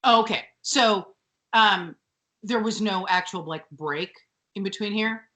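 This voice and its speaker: Woman, podcast co-host, bright forceful voice, animated sweary recap chat. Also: mid-range voice, takes it slowly.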